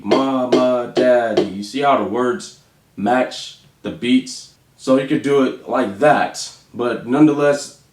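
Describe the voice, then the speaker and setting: A man teaching drum rudiments, calling out stickings and counting beats aloud slowly. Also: mid-range voice. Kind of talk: instructional demonstration. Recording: echoey room with faint noise.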